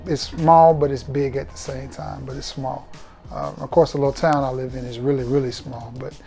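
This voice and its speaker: Southern man, fragrance vlogger, mellow tone, cocky but friendly banter, faint music underneath. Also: medium pitch, steady tone, moderate pace, gravelly. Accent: Southern American. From Alabama, USA. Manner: chatty, joking and self-assured. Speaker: fragrance reviewer. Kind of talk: casual storytelling vlog.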